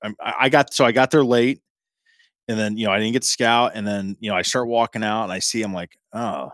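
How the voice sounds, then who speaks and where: Podcast host, male, from Central Ohio; deep-ish, animated storyteller, dry studio sound. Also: a little fast, no echo. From Central Ohio, USA. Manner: animated storyteller, laughs often. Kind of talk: casual chat, storytelling.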